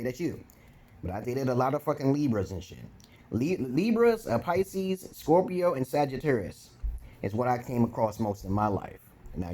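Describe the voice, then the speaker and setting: A man's voice: mid-range voice, a little mellow. A man from Brooklyn with a New York accent, talking bluntly and profanely in a rambling casual monologue at home, chewing gum as he speaks. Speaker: vlogger giving dating talk.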